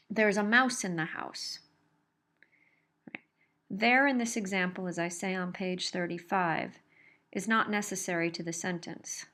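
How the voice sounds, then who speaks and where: Slow, measured woman lecturing on grammar. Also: lowish voice, fairly bright tone. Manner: careful explanatory, emphasizes example sentences. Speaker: college English instructor.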